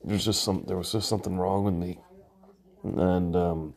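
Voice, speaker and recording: A woman leaving a comedic tearful voice message, hoarse and gravelly, stammering through a halting confession. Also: very deep voice, steady tone, a little mellow. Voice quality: gravelly, raspy. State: hoarse, voice nearly gone.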